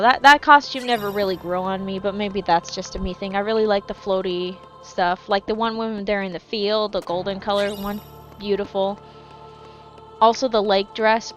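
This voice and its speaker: A woman's voice: medium pitch, fairly bright tone, muffled recording. A woman chatting casually while gaming, rambling and swearing freely in a jokey put-on accent. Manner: jokey put-on East Coast-style accent. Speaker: gaming streamer.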